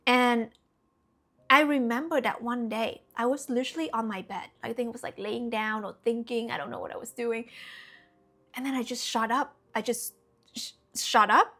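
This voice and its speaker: A woman's voice: on the high side, steady tone, moderate pace, sharp tone. Earnest, chatty woman spiritual coach. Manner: chatty, earnest, full of "you know" and "okay?". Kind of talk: casual spiritual talk to camera.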